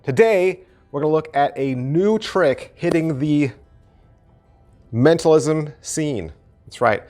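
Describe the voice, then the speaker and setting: A man's voice: a little high, slow pace, soft background music. Chatty middle-aged man reviewing magic. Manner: animated, chatty, repeats phrases for emphasis. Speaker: magic trick reviewer, channel host. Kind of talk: casual product review to camera.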